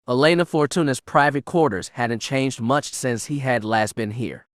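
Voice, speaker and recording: Male audiobook narrator, mid-pitched, measured, dry close mic. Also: dry recording. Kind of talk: scripted narration.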